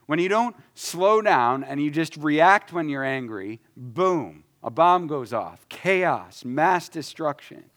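A man in his thirties preaching a sermon, emphatic, shifting between loud stresses and soft asides. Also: a little high, animated, slow, few pauses. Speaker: pastor.

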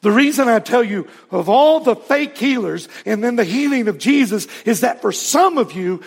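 A man's voice: sits high, creaky, breathy edge, in a large hall. A male pastor preaching a sermon earnestly, building to emphatic peaks.

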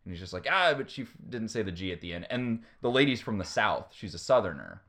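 Lively storytelling podcast host. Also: male voice, sits low, fast. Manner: animated storyteller, acts out quotes. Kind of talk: casual chat.

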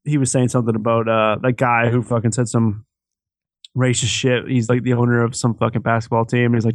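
A man's voice: medium pitch, flat delivery, brisk, dry recording, studio quality. A young man co-hosting a podcast, ranting sarcastically with plenty of swearing. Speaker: podcast co-host. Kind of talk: casual chat.

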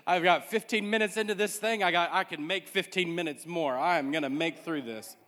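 High-voiced preaching man in a reverberant hall. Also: brisk, a bit bright. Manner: emphatic preaching with repeated refrains. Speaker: pastor. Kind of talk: sermon.

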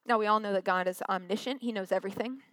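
A woman's voice: medium pitch, quick pace, a bit bright, dry recording. A woman giving a casual, chatty sermon from a stage, acting out quotes in little voices. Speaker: preacher.

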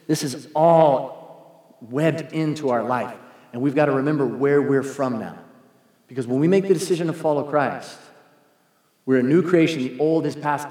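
Guy preaching a sermon, acts out the quotes, pretty high voice, roomy echo. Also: a little mellow. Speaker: pastor. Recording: echoey hall, long reverb.

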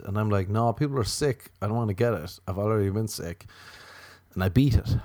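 A man with a low voice rambles through a crude, self-mocking comic monologue. He keeps jumping into high, mocking voices to quote the people in his stories. The sound is dry and close. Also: fairly quick, a little mellow, no room sound. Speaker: comedian.

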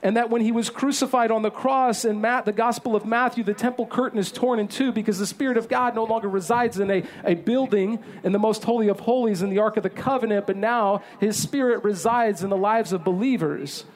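A man in his thirties preaching a sermon as pastor, telling a self-deprecating story in an animated way. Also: sits high, brisk, hardly any pauses.

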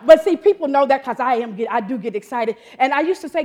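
Animated woman in her fifties preaching. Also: fast, few pauses. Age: 50s. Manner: animated, exclaiming, laughing often, pitch jumping high when excited. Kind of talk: sermon.

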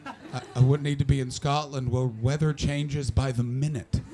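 In a comedy club cellar, a man of medium pitch and normal speed does stand-up. He's brash and profane, telling animated stories and teasing the crowd.

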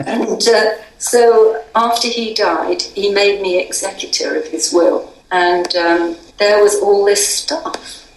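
A woman's voice: medium pitch, steady tone, slow, reverberant, recorded from a distance, slight background noise, low-quality recording. An older English woman in an interview, talking in a chatty, wry way with many ums and restarts. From England. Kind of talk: conversational interview.

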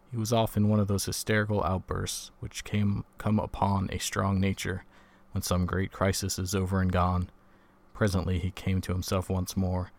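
A man reading a story aloud in a measured, even way, lightly voicing the dialogue. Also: low-pitched, creaky. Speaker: audiobook reader. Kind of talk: scripted narration.

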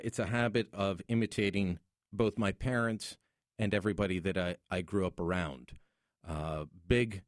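A man's voice: fairly low pitch, dry recording, clean studio sound. A middle-aged Canadian man hosting a radio show, telling a personal story with wry humor in a casual on-air monologue. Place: radio studio.

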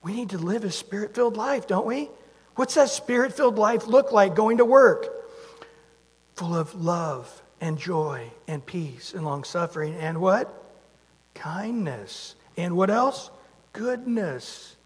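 A man's voice: sits high, expressive, slow, slightly rough. A man preaching a sermon in a conversational way, asking his listeners rhetorical questions. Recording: long hall reverb.

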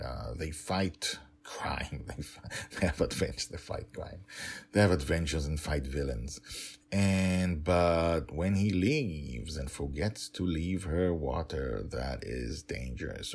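Very deep husky male storyteller. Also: expressive, a little slow, a little mellow. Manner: hesitant with fillers in commentary. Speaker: author reading his own serial story. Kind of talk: storytelling with casual commentary.

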